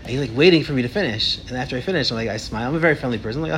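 Fast, animated man teaching a class. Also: medium pitch, a little hiss or hum. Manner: animated, fast storytelling with many restarts. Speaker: teacher leading a Torah discussion. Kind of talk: casual class discussion.

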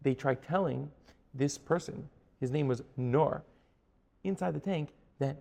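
A man telling a story in a sermon as a Torah teacher, dramatic, dropping to a hush and then rising to emphatic peaks. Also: a little high, unhurried, vocal fry, long reverb tail. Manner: dramatic, swings from hushed to emphatic.

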